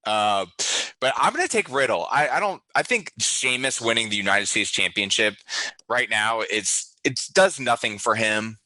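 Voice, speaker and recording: A man's voice: medium pitch, expressive, moderate pace, pushed and bright, no room sound, poor audio. A man hosting a casual podcast, blunt and opinionated as he runs through his picks. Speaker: host.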